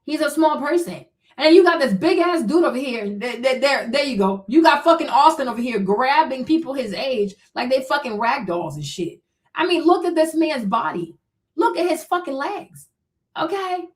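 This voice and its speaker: A woman hosting a livestream, giving heated, blunt, profane commentary and talking back to her chat. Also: high-pitched. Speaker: livestream host.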